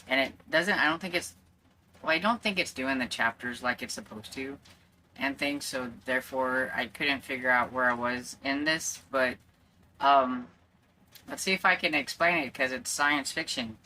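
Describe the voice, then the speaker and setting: A woman talks casually at home about what she has been reading, rambling through asides and fillers. Her voice sits low yet sounds bright and forward. A faint hum of home noise runs under her speech. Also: moderate pace. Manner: rambling and chatty, with many fillers. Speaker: book vlogger. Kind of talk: casual chat.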